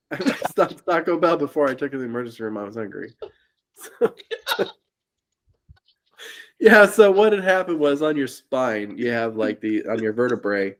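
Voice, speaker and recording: This podcast co-host, a man from Indiana, has an expressive medium-pitched voice, a moderate pace, and long pauses. Telling a story casually, he plays out the people involved and laughs frequently.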